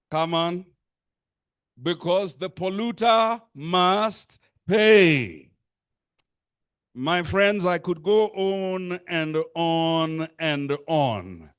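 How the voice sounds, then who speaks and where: A man delivers a rousing speech to a youth assembly, measured and slow with weighty pauses. His voice sits a little high for a man, and he piles up repetitions and lists for emphasis. The sound is dry and close, with little room echo. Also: clean tone. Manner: rhetorical, repeats phrases for emphasis; deliberate, emphatic pacing with lists. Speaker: speaker addressing a youth assembly. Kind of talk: impassioned speech.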